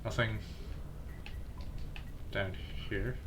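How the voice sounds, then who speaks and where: A man's voice: lowish voice, steady tone, drawn-out words, noisy background. A man streaming a video game, chatting casually with friends and muttering self-deprecating jokes while he searches. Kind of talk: casual gameplay commentary with friends.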